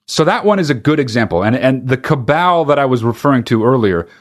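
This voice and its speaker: A man's voice: medium pitch, lively intonation, fairly quick. A man delivering a profane, exasperated comic rant, breaking into mock sung bits. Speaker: comedian. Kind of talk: stand-up style comic rant.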